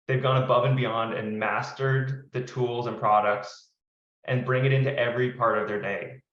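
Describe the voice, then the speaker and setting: A man's voice: mid-range voice, a bit bright, reverberant, dull audio. A man hosting a webinar as a product marketer, speaking in a friendly, conversational way. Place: home office.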